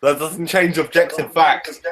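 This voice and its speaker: A man's voice: fairly high pitch, steady tone, measured pace, a bit bright, slight background noise, low-quality recording. Hesitant Englishman with a Kent accent. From England. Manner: hesitant, repeats words. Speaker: guest.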